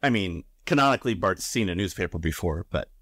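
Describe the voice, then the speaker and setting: Brief: male podcast co-host, lively pitch, dry close mic, halting jokey delivery. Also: no echo. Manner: hesitant, with restarts and a dry, joking tone. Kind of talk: casual chat.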